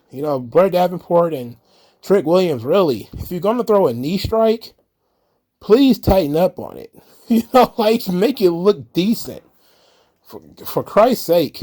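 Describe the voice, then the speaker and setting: A man's voice: a little high, darkish tone. A man hosting a casual solo wrestling commentary, opinionated and rambling, with frequent fillers and restarts. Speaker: wrestling commentary channel host.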